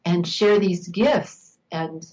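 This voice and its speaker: An older woman, an interview guest, telling a personal story in a reflective, unhurried way, laughing now and then. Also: fairly low pitch, a little mellow, low-quality recording.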